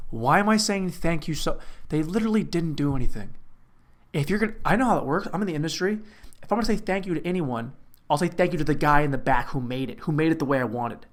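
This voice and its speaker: A man's voice: a little high, lively intonation, fast talker. A young man hosting a casual comedic monologue, rambling and poking fun at himself. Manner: rambling, self-mocking, trails off and restarts. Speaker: host.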